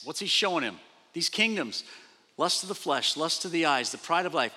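A man pastor preaching a sermon, animated, repeating phrases and acting out quoted speech. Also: a little high, normal speed, breathy edge. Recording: long reverb of a large hall.

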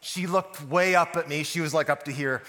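A pastor delivers his sermon in a high, bright voice. He tells stories and keeps putting rhetorical questions to his listeners, and a long reverb trails behind every phrase. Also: fairly quick. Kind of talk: sermon podcast.

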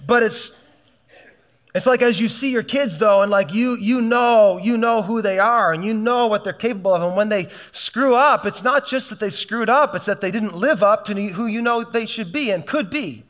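A man's voice: high voice, normal speed, a bit bright. A middle-aged man preaching a sermon as a pastor, fervent and conversational, often restarting his sentences.

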